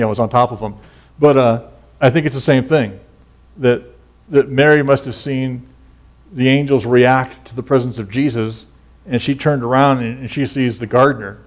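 A middle-aged man, a pastor, giving a relaxed, conversational sermon full of folksy stories and casual asides. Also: mid-range voice, fairly quick.

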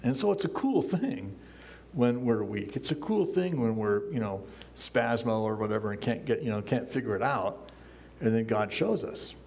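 A man's voice: medium pitch, lively intonation, normal speed, darkish tone, slight background noise. Older man preaching casually from a pulpit. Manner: casual, conversational preaching with frequent chuckles; acts out quoted lines in a raised voice. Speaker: pastor. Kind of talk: sermon. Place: church, speaking from a pulpit.

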